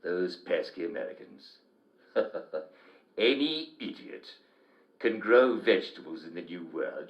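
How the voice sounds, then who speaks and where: A man's voice: mid-range voice, muffled recording. An actor playing a cheerful, eccentric mad old king who rambles and giggles. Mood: exasperated. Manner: rambling, giggly, posh, prone to sudden outbursts. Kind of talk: video game character acting.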